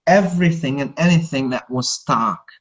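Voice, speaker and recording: A man's voice: medium pitch, normal speed, breathy edge, lo-fi sound. A man whose first language is Hungarian, co-hosting a casual English-learning chat on a live stream, often repeating his words and laughing.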